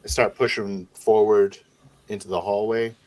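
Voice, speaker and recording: A man with a very low voice plays a tabletop role-playing game. He describes what his character does in a relaxed, first-person way. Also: normal speed. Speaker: player.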